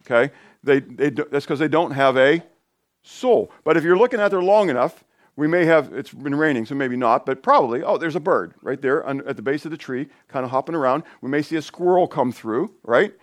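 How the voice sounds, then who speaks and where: A man preaching an informal sermon in a conversational, rambling way, with asides and restarts that turn lively and high when he gets excited. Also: brisk, dry recording, studio quality. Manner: lively, rising pitch when animated.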